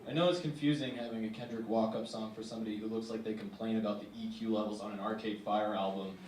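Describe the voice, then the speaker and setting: A man's voice: on the low side, steady tone, fast talker. Young man doing wry stand-up. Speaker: stand-up comedian. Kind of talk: stand-up comedy set. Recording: echoey room, distant mic, faint hiss.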